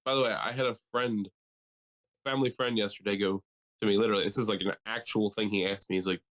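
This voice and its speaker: A man's voice: on the low side, steady tone, quick pace, a bit bright. Profane joking young man on a podcast. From Delaware. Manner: loose, profane and joking, slips into mocking impressions. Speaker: podcast co-host. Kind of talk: casual chat.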